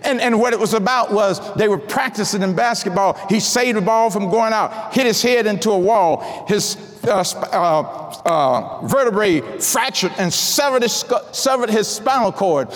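A middle-aged man preaching a sermon with a personal testimony, swinging from hushed asides to shouted declarations and often restarting his words. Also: high-pitched, lively intonation, normal speed. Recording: long hall reverb.

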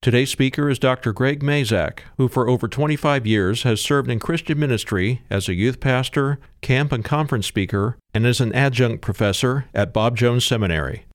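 A man reading a scripted introduction to a sermon broadcast in a measured, formal way. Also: medium pitch, dry recording. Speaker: program announcer. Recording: dry studio with soft guitar music.

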